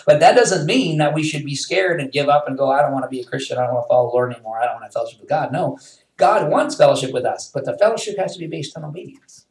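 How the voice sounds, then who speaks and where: A man preaching a sermon as pastor, retelling a story in a lively, conversational way with quoted asides. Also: mid-range voice, far from the mic. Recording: roomy sound, voice a bit off-mic.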